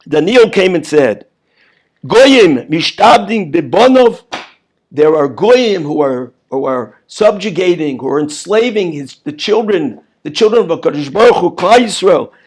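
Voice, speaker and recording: A man's voice: on the high side, lively intonation, normal speed, hardly any pauses, darkish tone. A male rabbi giving an emphatic lesson on prayer, repeating words and asking rhetorical questions. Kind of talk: Torah lesson.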